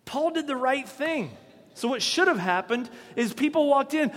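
A man preaching a sermon as pastor, animated and acting out quoted voices with bursts of loudness. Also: very high-pitched, normal speed, in a large hall.

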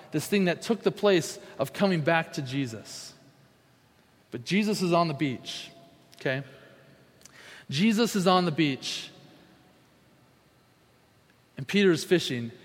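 High-voiced preacher in a reverberant hall. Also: male voice. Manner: emphatic, repeats key phrases, acts out quotes. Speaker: pastor. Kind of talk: sermon.

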